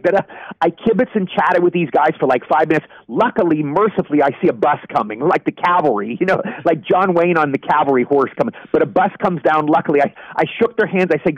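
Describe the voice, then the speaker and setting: A man in his sixties telling animated anecdotes as an actor in a casual interview, acting out the people he quotes. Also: fairly high pitch, fast talker, hardly any pauses, dry recording. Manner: animated anecdote teller, acts out quoted voices. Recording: dry, dull lo-fi audio.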